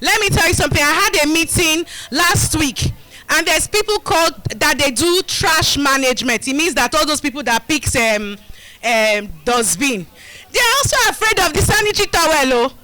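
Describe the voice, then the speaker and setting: A woman's voice: sits high, animated, moderate pace, sharp tone, no room sound, rough recording. A middle-aged woman with a Nigerian accent giving a live demonstration talk to a community group, rousing the crowd with call-and-response. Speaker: community health educator. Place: community gathering.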